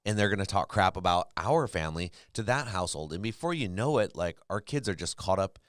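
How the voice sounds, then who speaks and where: A man's voice: low voice, lively intonation, a little fast, no room sound, studio quality. A man co-hosting a podcast, talking casually and earnestly about parenting, often restarting his sentences. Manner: earnest, restarts and repeats himself, advice-giving. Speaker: podcast co-host.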